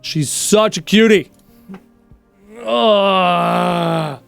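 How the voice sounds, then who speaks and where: Male streamer, 30s, high-ish voice, animated and chatty with viewers, faint music bed. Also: very slow, gravelly, smooth. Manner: chatty, animated storytelling, answers chat questions. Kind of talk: casual live-stream chat.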